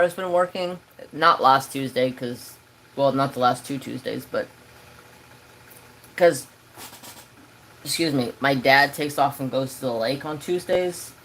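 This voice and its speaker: A man's voice: on the high side, a bit bright, poor audio. Rambling man chatting on a craft livestream. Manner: rambling, loose, swears casually. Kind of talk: casual livestream chat. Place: home craft room.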